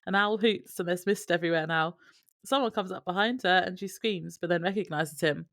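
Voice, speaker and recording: A woman co-hosting a podcast, recapping scenes in a steady, matter-of-fact way with light laughs. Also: lowish voice, a little fast, dry recording, clean studio sound. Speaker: podcast co-host. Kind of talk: casual recap chat.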